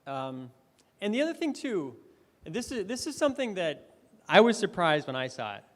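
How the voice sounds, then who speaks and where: A man's voice: high voice, very animated, normal speed, fairly bright tone. A man giving a conversational conference presentation, full of fillers and restarts. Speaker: conference speaker. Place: conference hall. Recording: reverberant hall.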